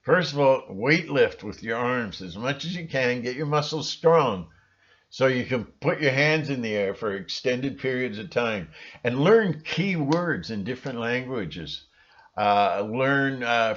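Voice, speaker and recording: A man hosting his own channel, talking in a rambling, sarcastic monologue with sudden shrill outbursts. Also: a bit bright, lo-fi sound. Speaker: channel host.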